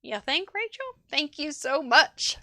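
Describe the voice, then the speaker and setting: A woman's voice: high-pitched, animated, a little slow, pushed and bright, no echo, clean studio sound. A woman hosting a live crafting show, chatting effusively and rambling as she shows off viewers' cards, laughing often. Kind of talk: live-stream casual chat, showing viewer cards.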